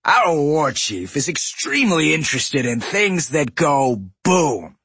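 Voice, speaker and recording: A man doing a greedy goblin boss, raspy and abrasive, booming, slow drawling bluster, husky breathy tone, dry close sound, audiobook. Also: sing-song, a bit bright, dry recording, exaggerated voice. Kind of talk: audiobook character voice.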